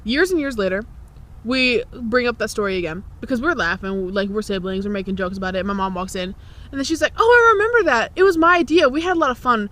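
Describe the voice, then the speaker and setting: Lively young woman telling stories. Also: medium pitch, quick pace. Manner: laughs often, swears freely. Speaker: podcast host. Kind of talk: casual chat, storytelling.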